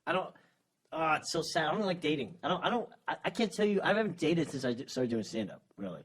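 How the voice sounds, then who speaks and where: A man's voice: fairly high pitch, sing-song, fast. A man in his thirties, a podcast guest, talking casually and hesitantly, often restarting his sentences. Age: 30s. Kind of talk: casual chat.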